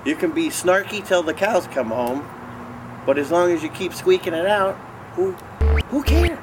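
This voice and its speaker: A man's voice: high voice, normal speed, music in the background, low-quality recording. A man bragging and scolding in dry, exasperated comedic banter. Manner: boastful, exasperated, deadpan. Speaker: show regular talking with puppets.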